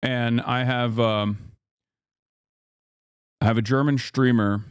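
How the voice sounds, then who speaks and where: A man's voice: mid-range voice, fairly even intonation, takes it slowly, clear, resonant tone, dry recording, clean studio sound. A man hosting a live-stream interview, talking casually with lots of fillers and restarts. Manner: rambling, many fillers and restarts. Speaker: streamer host.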